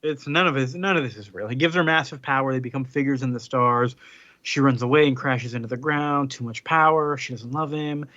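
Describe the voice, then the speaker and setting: A man's voice: mid-range voice, brisk, sharp tone, no room sound, lo-fi sound. A man co-hosting a casual podcast, animatedly recapping a comic book story and switching voices for the characters. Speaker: podcast co-host.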